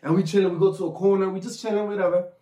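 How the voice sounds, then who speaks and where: Excited young man, high voice, roomy. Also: distant mic. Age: 20s. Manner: excited, laughing, quick back-and-forth. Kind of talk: casual podcast storytelling. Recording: roomy echo.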